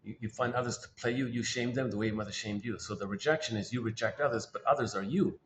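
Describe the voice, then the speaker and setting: A man with a medium-pitched voice talks quickly in a rambling talk about psychoanalytic ideas, repeating himself, restarting phrases and correcting himself as he thinks aloud. A little hiss or hum runs under the recording.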